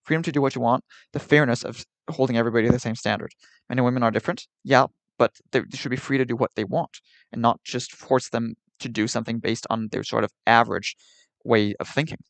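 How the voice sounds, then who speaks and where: Exasperated male streamer ranting at chat, mid-pitched, dry close sound. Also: steady tone, quick pace, vocal fry, no echo. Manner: exasperated, argumentative, repetitive. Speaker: livestreamer.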